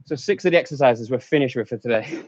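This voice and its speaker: This coach's mid-range, slightly mellow voice comes fast as he runs a live workout, breathless, counting down seconds and pushing everyone with short bursts of laughter. There's no room sound, and the stream audio is dull and lo-fi.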